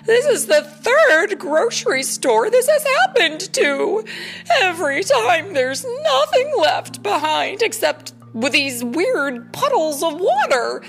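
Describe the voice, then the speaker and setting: A woman voicing a nervous female grocery store manager who stammers in a high, strained voice. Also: sing-song, takes it slowly, gravelly, soft background music, heavily acted.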